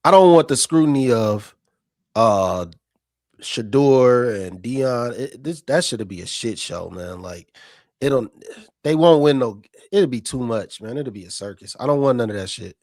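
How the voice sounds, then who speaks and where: A man chatting on a podcast panel, rambling and cursing while he vents, often restarting his sentences. His voice sits at a middle pitch for a man, recorded dry and close. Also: lively intonation, a little slow, darkish tone, dry recording. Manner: venting, profane and rambling with restarts. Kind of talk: casual podcast chat.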